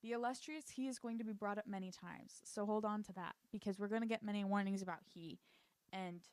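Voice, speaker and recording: A woman's voice: medium pitch, fairly quick, a little mellow, no room sound. A woman chatting casually and sarcastically as she recaps a TV show, full of "like" asides. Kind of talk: casual commentary.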